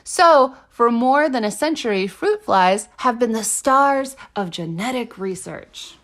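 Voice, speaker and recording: A woman co-hosting a casual podcast, reading article quotes aloud and reacting with excitement, swearing and laughter. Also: fairly high pitch, unhurried. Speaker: podcast co-host.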